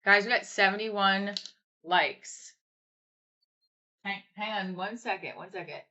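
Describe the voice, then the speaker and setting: Chatty young woman, bright voice. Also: medium pitch, takes it slowly, highs cut off, slight background noise. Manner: rambling, chatty, swears casually. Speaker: livestreamer. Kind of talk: casual livestream chat answering comments. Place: room at home.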